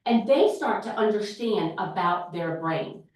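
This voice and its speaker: Woman teacher, casual talk, lively storyteller; distant mic in a very reverberant hall. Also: medium pitch, measured pace. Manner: lively storytelling, acts out classroom exchanges. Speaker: preschool teacher giving a talk. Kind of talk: informal presentation to a group. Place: large echoey church hall. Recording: very echoey hall, voice picked up from afar.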